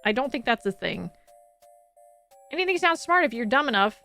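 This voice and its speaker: A woman streamer chatting casually with her viewers, laughing and swearing freely, then reading second-person game narration in a slower, softer voice. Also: fairly high pitch, big pitch swings, creaky, faint music behind, low-quality recording. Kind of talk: casual live-stream chat and reading game text aloud.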